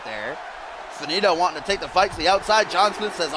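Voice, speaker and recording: Higher-voiced guy doing hyped play-by-play on a wrestling game stream, yelling at big moves, noisy background. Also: fairly quick. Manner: excitable, often rising to shouts on big moves. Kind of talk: live-stream play-by-play commentary. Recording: clear background noise.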